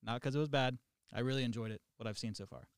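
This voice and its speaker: A man's voice: mid-range voice, quick pace, no room sound, studio quality. A man co-hosting a podcast interview, an easygoing storyteller who chuckles often. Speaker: podcast co-host.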